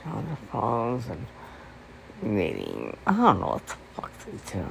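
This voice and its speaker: A man in a casual venting monologue, rambling and swearing, swinging between hushed mutters and angry outbursts. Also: medium pitch, wildly swooping pitch, a little slow, gravelly. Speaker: vlogger. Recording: noisy background.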